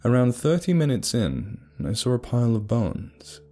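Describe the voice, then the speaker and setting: A young adult man narrating a horror story in a steady, measured way. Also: medium pitch. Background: faint music.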